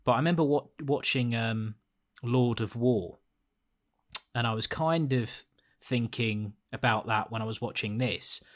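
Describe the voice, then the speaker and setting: A man's voice: mid-range voice, unhurried. A man with a blunt, sweary, rambling manner, chatting casually as a podcast co-host reviewing a film.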